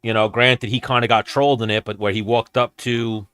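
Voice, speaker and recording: A man's voice: lowish voice, little pitch movement, brisk, fairly bright tone, clean tone, no echo, clean studio sound. A man hosting a casual fight watch-along, chatting loosely with viewers in a rambling, profane way. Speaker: host.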